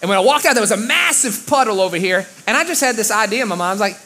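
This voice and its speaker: A man preaching a sermon, telling a story in an animated way, loud one moment and quiet the next. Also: sits high, fast, few pauses. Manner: animated, with big swings of loudness. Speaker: pastor.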